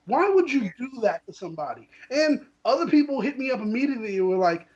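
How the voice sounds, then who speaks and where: A man's voice: extremely high pitch, very animated, quick pace, lo-fi sound, a loud crowd. A man co-hosting a podcast, ranting with indignation about industry gatekeepers. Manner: heated, indignant, quotes people in voices. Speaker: co-host. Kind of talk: casual podcast rant.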